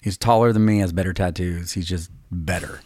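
A man's voice: deep voice, brisk, a little mellow, dry recording, studio quality. A man in his fifties, a songwriter hosting a podcast, telling long rambling stories in a casual, self-deprecating way. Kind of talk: casual storytelling chat.

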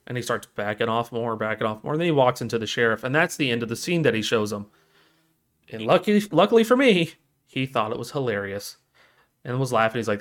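A man co-hosting a casual podcast, retelling a movie scene with lots of energy. He breaks into squeaky high voices whenever he quotes a character, then drops back to his ordinary mid-range voice. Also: a little fast, a bit bright. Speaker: podcast co-host. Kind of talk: casual chat.

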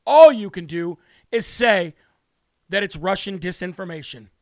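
A worked-up man rants through a political talk-show monologue, brash and combative. His voice sits high for a man, recorded dry and close with no room sound. He stacks repeated declarations one after another. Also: lively intonation, unhurried, dry recording. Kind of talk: heated political commentary monologue.

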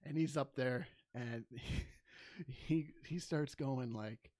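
A man's voice: medium pitch, slow, no room sound, clean studio sound. A man co-hosting a casual podcast, telling stories with lots of laughter and casual swearing. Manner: animated storyteller, laughs often, swears casually. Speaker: podcast co-host.

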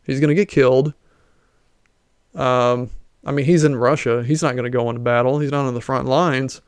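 A man talks through his thoughts alone on a show, rambling and restarting as he goes. His voice is smooth and resonant at an ordinary pitch. It is recorded close and dry, with no room sound. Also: steady tone, normal speed, dry recording. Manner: rambling, with many fillers and restarts. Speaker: podcast host. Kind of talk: casual solo commentary.

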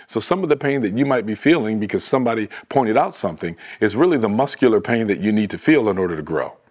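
A man preaching a sermon in a conversational, animated way, often restarting his words. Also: on the low side, fast.

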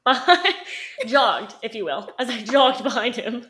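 A woman's voice: fairly high pitch, very animated, a little slow, pushed and bright. A young adult woman co-hosting a podcast, telling a dating story in a chatty, sassy way with lots of laughter and fillers. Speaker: podcast co-host. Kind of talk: casual storytelling chat.

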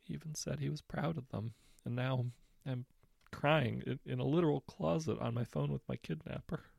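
A man voicing a distraught teenage girl on the phone, halting and tearful, hesitant. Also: medium pitch, gravelly, a little mellow, no room sound, clean studio sound, pitched above the performer's own voice. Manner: halting, tearful, later teasing. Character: distraught teenage girl calling her villain friend.

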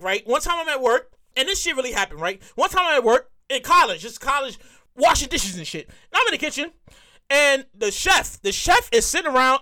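A woman hosts a comedy podcast in a loose monologue full of profanity and repetition. Her voice sits very high and bright. Her pitch swings widely as she tells her stories. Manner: profane, animated storytelling with repeated phrases. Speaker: comedian host. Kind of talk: stand-up style podcast monologue.

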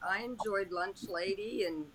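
A man co-hosting a podcast, venting in a loud, exasperated, casual way. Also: high voice, moderate pace, crowd noise. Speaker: podcast co-host.

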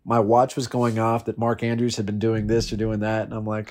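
A man's voice: medium pitch, little pitch movement, normal speed, hardly any pauses, a little mellow. A man in casual chat, animatedly telling a fantasy football story, swearing and laughing as he goes. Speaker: fantasy football league member.

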